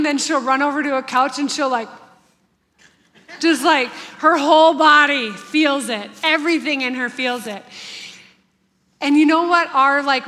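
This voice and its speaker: A woman's voice: sits high, pushed and bright. A woman in her thirties giving an earnest, heartfelt devotional talk to a congregation about family life. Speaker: church speaker on family life. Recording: long hall reverb.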